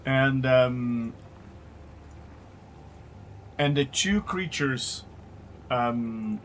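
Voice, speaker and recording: Slow, halting male game master. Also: mid-range voice, expressive, slight background noise. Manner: halting, many fillers. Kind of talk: narrating a tabletop game.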